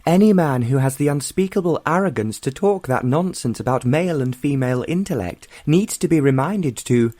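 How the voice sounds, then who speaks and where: A male audiobook reader voicing a spirited, quick-tempered young woman who answers with sharp, scornful retorts. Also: on the high side, lively intonation, no echo, voice pushed up, natural voice.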